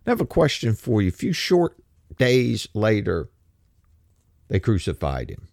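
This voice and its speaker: Animated male preacher, dry close sound. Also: fairly low pitch, measured pace, gravelly, dry recording. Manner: animated, rising emphasis, rhetorical questions. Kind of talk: sermon.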